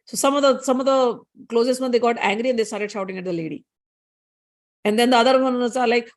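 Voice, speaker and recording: A woman's voice: a little high, a little fast, long pauses. Woman telling a spiritual story. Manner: lively retelling with many restarts and asides. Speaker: spiritual teacher. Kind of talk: storytelling scripture discourse.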